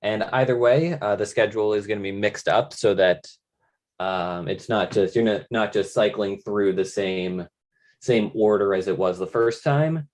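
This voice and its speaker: A man's voice: lowish voice, normal speed. A young man co-hosting a fantasy league podcast, talking casually and often hesitating to search for words. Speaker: podcast co-host.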